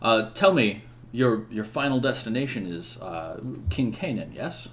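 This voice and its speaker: A man's voice: on the low side, sing-song, a little slow. A man voicing an eager, fussy young male knight who greets travelers politely in a tabletop game.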